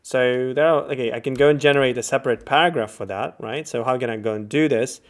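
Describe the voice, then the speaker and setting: A man's voice: medium pitch, quick pace. A man lecturing while he writes code live, thinking aloud with frequent fillers and self-corrections.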